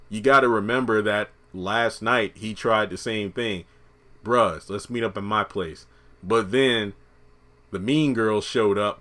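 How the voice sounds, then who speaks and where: A man with a slightly low voice reviews a TV episode in a loose, chatty way. He jokes as he goes and lets the odd curse word slip. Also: a bit bright. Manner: chatty and joking, with casual profanity. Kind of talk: casual spoken episode review.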